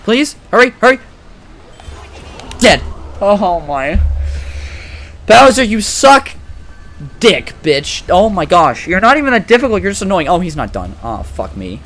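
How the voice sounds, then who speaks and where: A young man giving casual, profane let's-play commentary, excitable and trash-talking the game as he plays. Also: sits high, normal speed. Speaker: gaming commentator.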